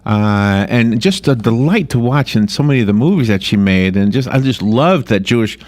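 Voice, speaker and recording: A man from Long Island hosts a radio interview at a middling pitch. He talks in a loose, rambling way, restarting his sentences and filling pauses with "uh" and "gosh.". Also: lively intonation, a little mellow. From Long Island, New York. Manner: rambling, chatty, many restarts and fillers. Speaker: radio host.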